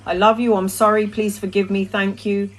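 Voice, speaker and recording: A woman hosting a casual spiritual live stream, talking freely with plenty of ums and chanting mantras in a soft voice that trails off. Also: mid-range voice, flat delivery, moderate pace. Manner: talkative, with frequent um and uh. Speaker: spiritual live-stream host answering questions.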